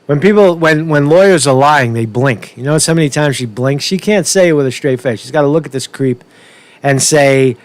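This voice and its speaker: A commentary streamer with a New York accent reacts to political clips in a profane, rambling rant, mocking and repeating himself as he goes. His voice is a little high and a little fast.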